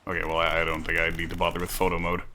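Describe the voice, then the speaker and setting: A man's voice: sits low, monotone, rapid-fire, bright, forceful tone, a little hiss or hum. A man streaming a game, chatting casually with wry asides.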